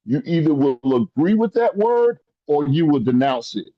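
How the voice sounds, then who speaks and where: A man's voice: very animated, normal speed, no room sound. Impassioned male motivational speaker, dry lo-fi. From rural upbringing. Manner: preacherly, rising to high emphatic pitch, repeats phrases.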